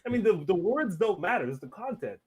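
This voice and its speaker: A man hosting a podcast in casual chat, relaxed and laughing often, with stammers and restarts. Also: high-pitched, a little fast, slightly rough. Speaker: podcast host. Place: Los Angeles.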